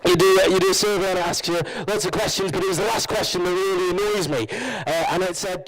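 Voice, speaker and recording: A man's voice: high-pitched, steady tone, quick pace, hardly any pauses, a crowd in the background, poor audio. A young man with a Wrexham Welsh accent doing live stand-up, telling rambling, self-mocking stories full of fillers. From Wales. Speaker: stand-up comedian. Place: live comedy stage at a university campus event.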